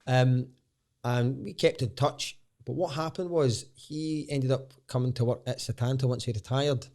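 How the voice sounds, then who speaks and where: A Scottish man in his thirties, a stand-up comedian guesting on a podcast, telling lively anecdotes with casual swearing. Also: medium pitch, normal speed. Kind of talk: casual storytelling chat.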